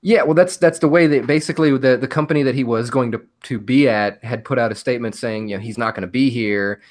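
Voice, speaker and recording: A man's voice: mid-range voice, fast talker. A man hosting a casual podcast chat, steadily going through a list of picks. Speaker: podcast host.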